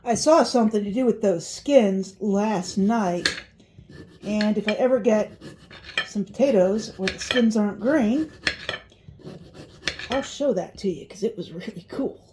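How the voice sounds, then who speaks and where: Middle-aged woman, casual cooking vlog, folksy chatter, mid-pitched voice, faint pan clatter. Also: unhurried, pauses often, background noise. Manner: chatty, folksy, reminiscing asides. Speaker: home cooking vlogger. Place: home kitchen.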